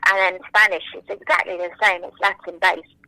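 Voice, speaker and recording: Bright, animated woman with a French mother tongue. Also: lowish voice, brisk, no echo, rough recording. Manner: animated, enthusiastic, acts out quotes. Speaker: interview guest, singer. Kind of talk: casual interview storytelling.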